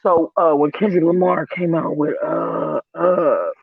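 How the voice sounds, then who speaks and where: Over a tinny, phone-like line with no echo, this Northern California co-host of a casual live show spins animated stories, imitating what others said and cursing freely. His voice is a little high, creaky, and breathy-edged, at normal speed.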